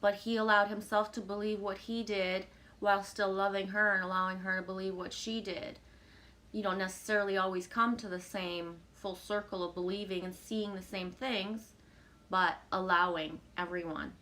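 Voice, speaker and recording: A woman on a live stream at home, reading viewer comments aloud and answering them in a relaxed, rambling way with frequent fillers and soft laughs. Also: mid-range voice, normal speed. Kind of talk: casual live-stream chat.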